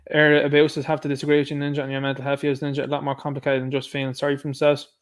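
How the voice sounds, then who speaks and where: A man's voice: on the high side, completely flat delivery, racing. A man hosting a livestream, chatting casually and reading out viewers' comments and answering them. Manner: chatty, talks back to chat comments. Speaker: livestream host.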